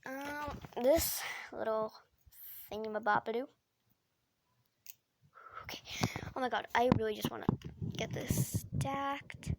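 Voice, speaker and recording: A woman's voice: on the high side, takes it slowly, long pauses. A female vlogger chatting casually while stacking toys, nervous and full of "like" and "oh my gosh". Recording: loud clicking noise behind voice.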